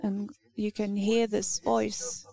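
Slow, gravelly-voiced woman preaching. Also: mid-range voice, flat delivery, dark tone. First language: Lithuanian. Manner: earnest, halting with many restarts. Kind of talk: sermon.

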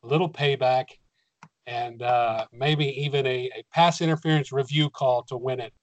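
A man co-hosting a sports podcast, talking through his picks in a measured, analytical way with some hesitations. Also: mid-range voice, fairly even intonation, no room sound, rough recording. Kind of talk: casual sports chat.

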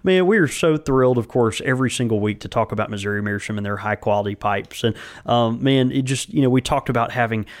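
A man hosting a casual podcast, speaking in a halting way with frequent fillers, restarts and easy laughter. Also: medium pitch. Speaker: podcast host. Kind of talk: casual podcast chat and sponsor read.

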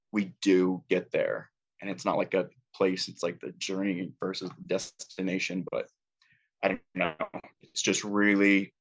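Earnest man sharing heartfelt thanks. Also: low voice. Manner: earnest, heartfelt, filler-heavy with "like". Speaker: support group leader. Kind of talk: emotional personal sharing. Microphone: video call.

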